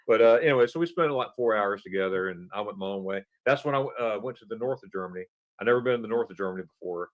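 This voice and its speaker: A man telling a travel story as a podcast guest, animated and stumbling over repeated words while he acts out the dialogue. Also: lowish voice, racing, narrow, tinny audio. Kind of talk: casual anecdote telling.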